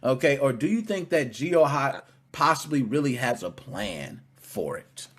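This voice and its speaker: A man hosting a casual gaming podcast, teasing his guest in an animated, playful way. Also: mid-range voice, measured pace, slightly rough. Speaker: podcast host.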